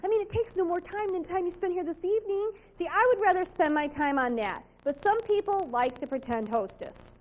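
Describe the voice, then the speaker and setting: Woman, high-pitched, sales training talk, emphatic, rhetorical questions. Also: animated, brisk, hardly any pauses, a little mellow. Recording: 2002 VHS convention tape.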